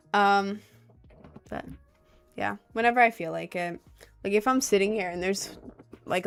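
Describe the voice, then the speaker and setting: A woman's voice: mid-range voice, creaky. Sleepy young woman rambling on stream. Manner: rambling, filler-heavy, chatty. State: sleepy, keeps yawning. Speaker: livestreamer. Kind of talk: casual livestream chat. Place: home streaming setup at a desk.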